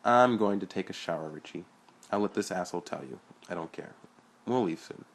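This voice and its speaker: A man voicing a smug, indifferent older brother who drawls slowly in a husky voice. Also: low voice.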